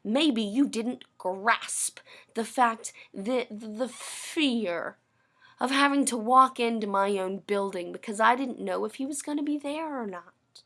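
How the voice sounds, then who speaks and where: A woman's voice: fairly high pitch, a little slow, fairly bright tone. Bitter, profane woman ranting. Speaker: vlogger. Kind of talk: angry personal rant.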